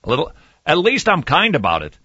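A man hosting a Christian talk radio show, jokey and animated, swinging between loud bursts and muttered asides. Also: on the high side, a little fast, breathy edge, no room sound, dull audio. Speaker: radio host. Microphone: studio desk mic.

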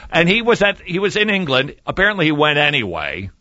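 A man hosting a Christian talk radio show, jokey and animated, swinging between loud bursts and muttered asides. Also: fairly high pitch, brisk, dry recording, dull audio. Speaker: radio host. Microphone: studio desk mic.

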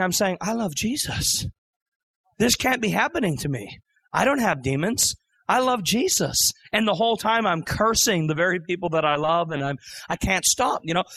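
A middle-aged male preacher telling his testimony as a sermon, animated and acting out the voices in his story. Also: high-pitched.

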